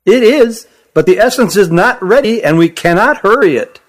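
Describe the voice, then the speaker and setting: A man voicing a calm elderly male craftsman in a storybook, with a musical, lilting voice and a measured way of speaking. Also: high-pitched, voice pushed up. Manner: measured, turning cool when doubted.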